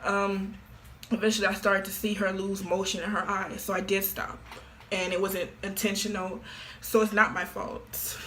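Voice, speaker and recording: Blunt, bright-voiced teenage woman. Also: medium pitch, level tone, normal speed, a little hiss or hum. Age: teens. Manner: blunt, offhand and flippant. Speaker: vlogger. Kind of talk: casual monologue to camera.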